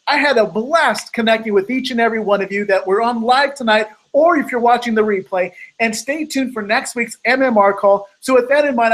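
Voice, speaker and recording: A man hosting a weekly live motivational call, telling a story and acting out the dialogue with big jumps in pitch. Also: fairly bright tone, poor audio.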